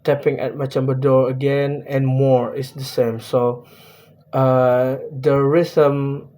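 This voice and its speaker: A man's voice: medium pitch, level tone, takes it slowly, dark tone. A young man with an Indonesian accent giving a class presentation on a poem, hesitant and full of fillers and restarts. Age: young adult. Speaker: student presenting a poem analysis.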